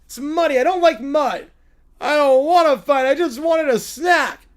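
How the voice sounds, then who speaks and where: A man's voice: very high-pitched, a little slow. A man voicing a whiny, spoiled little princess girl who demands and complains. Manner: whining, demanding.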